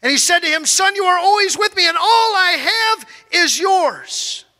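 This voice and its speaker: A man preaching a sermon, moving from loud shouted lines to quiet low asides. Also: expressive, normal speed, in a large hall.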